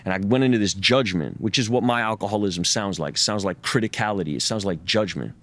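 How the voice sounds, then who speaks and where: A man's voice: fairly low pitch, fast, fairly bright tone. A man as an interview guest, telling a personal story candidly, raw and profane and intense, and he acts out what other people said.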